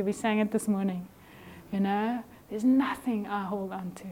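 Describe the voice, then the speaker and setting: A middle-aged woman preaching a conversational sermon in a church, animated and chatty, acting out little scenes and sometimes dropping her voice to a near whisper. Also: medium pitch, moderate pace, a little hiss or hum. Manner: animated, conversational, acts out voices in quotes, drops to a whisper at times.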